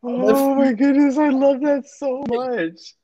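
A woman's voice: high-pitched, level tone, takes it slowly, mellow, lo-fi sound. A woman hosting a book podcast, gushing with enthusiasm and filling her talk with constant "like". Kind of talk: casual interview chat.

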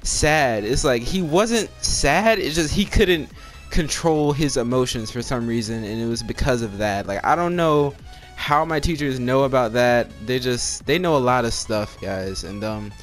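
A man's voice: mid-range voice, expressive, unhurried, soft background music. A man telling a personal story to his viewers in a casual, rambling way, filling his talk with "like" and checking in with "all right?". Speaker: storytime vlogger.

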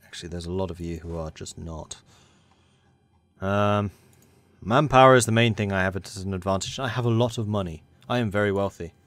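A man's voice: deep voice, a little fast, fairly bright tone, no echo. A man commentating a strategy game, thinking aloud and talking to the game's factions as he plays. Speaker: gaming channel host.

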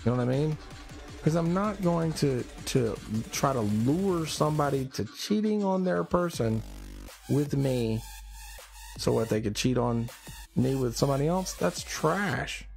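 A man's voice: medium pitch, lively intonation, moderate pace, gravelly, a little mellow, faint music behind. A tired man streaming live, ranting in a blunt, profane and rambling way. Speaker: livestreamer. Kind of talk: casual live-stream rant.

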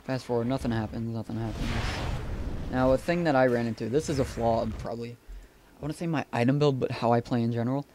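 A man's voice: medium pitch, fairly even intonation, quick pace, background noise. A man giving casual, profane commentary over a replay of his own game. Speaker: gameplay commentator.

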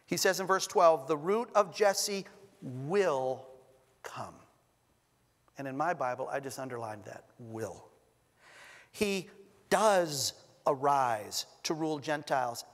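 A man preaching a sermon as pastor, stressing single words with long pauses and adding light humor. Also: medium pitch. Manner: light humor between scripture readings. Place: church sanctuary. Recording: long reverb of a church hall.

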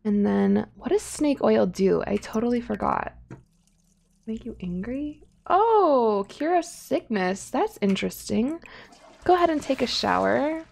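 Slow-talking gravelly young woman gamer. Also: fairly high pitch, very animated, a little mellow. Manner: chatty, giggly, rambling asides. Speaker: gaming YouTuber. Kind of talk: casual gameplay commentary.

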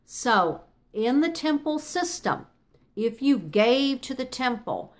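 A woman's voice: sits high, sing-song, takes it slowly. A woman leading a Bible study, reading scripture aloud and explaining it in an earnest, conversational way.

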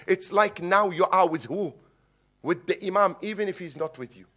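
A man giving a sermon in English, telling stories and mixing in Arabic religious phrases, building to loud emphatic peaks. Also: sits high, moderate pace. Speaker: sheikh giving a religious lecture. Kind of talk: sermon with storytelling. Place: mosque or Islamic centre hall.

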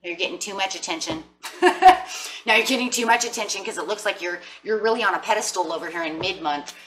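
A woman's voice: medium pitch, fast, bright, forceful tone, distant mic, a little hiss or hum. A middle-aged woman giving a casual tarot reading in a playful, sassy, chatty way. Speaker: tarot reader.

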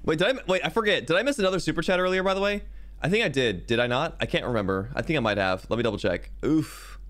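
A man's voice: fairly high pitch, expressive, quick pace, fairly bright tone. A young man chatting casually to his viewers while streaming a game, goofy and rambling. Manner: goofy, rambling, talks to chat.

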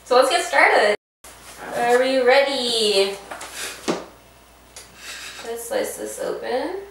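A bubbly young woman chatting through a snack unboxing, her voice sitting a little high. She sounds set back from the mic in a very echoey room, with a faint hiss underneath. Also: drawn-out words, far from the mic. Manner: bubbly and excitable, reads labels aloud. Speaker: vlog co-host. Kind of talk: casual unboxing chat.

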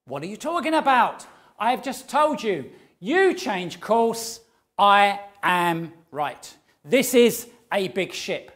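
A man voicing a proud, blustering male warship captain in a sermon story, loud and indignant. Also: high voice, very animated, slow, voice pushed up, exaggerated voice.

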